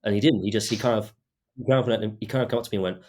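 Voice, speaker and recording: A man's voice: on the low side, very fast, darkish tone. A young man who grew up between Britain and Australia, hosting a podcast and telling a story in a hesitant way, full of fillers and restarts. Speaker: podcast host. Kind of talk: casual storytelling.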